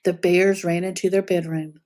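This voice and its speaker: A woman reading a picture book aloud to children, telling it as an expressive storyteller. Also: on the low side, moderate pace.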